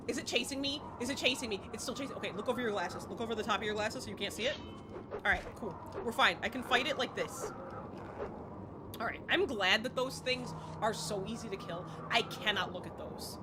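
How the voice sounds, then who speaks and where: Excitable woman streamer, noisy audio. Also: a little high, a little fast. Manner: excitable, chatty, bursts into squeals. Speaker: game streamer. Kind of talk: casual live-stream chatter.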